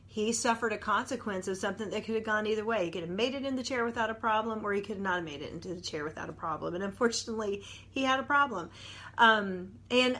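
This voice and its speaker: A woman's voice: on the high side, fairly bright tone. A woman, a nurse and mother telling a personal story as an earnest, conversational devotional talk.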